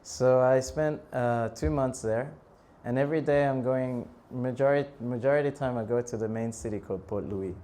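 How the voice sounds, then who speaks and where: Casting: man in his thirties, animated storyteller in a temple talk, mid-pitched voice, laughs a lot. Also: brisk, hardly any pauses. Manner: animated, laughs often, bursts into shouted prayers. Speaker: monk preacher.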